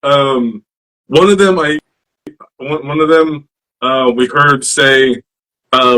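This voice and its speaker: A man hosting a podcast, casually telling stories in an animated, profane way. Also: medium pitch, takes it slowly, long pauses, rough recording. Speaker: podcast host. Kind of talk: casual chat.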